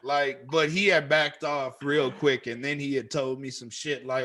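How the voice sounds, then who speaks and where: A man with a Chicago accent telling a story on a podcast, animated and profane, acting out what people said. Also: medium pitch, unhurried, slight background noise. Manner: animated, profane, acts out quoted lines. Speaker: podcast co-host. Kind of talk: casual storytelling chat.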